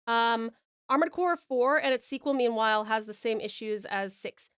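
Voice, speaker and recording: A woman's voice: on the high side, normal speed, a bit bright, smooth, no room sound, clean studio sound. A young Australian woman streaming while she draws, reading chat aloud and chatting in a bubbly, giggly way. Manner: bubbly, giggly, greets viewers with pet names.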